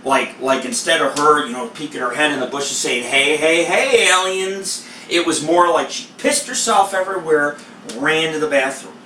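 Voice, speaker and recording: A man's voice: on the high side, normal speed, pushed and bright. A male cooking show host who rambles and swears freely as he tells a story while he cooks. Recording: echoey room, voice a bit far from the mic, faint noise.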